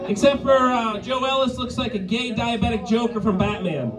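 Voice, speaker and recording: Male stand-up comic, high-pitched, crude and profane, laughs at his own punchlines, live club set. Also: normal speed, over a noisy crowd, poor audio. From Maine, USA. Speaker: stand-up comedian. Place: live comedy venue.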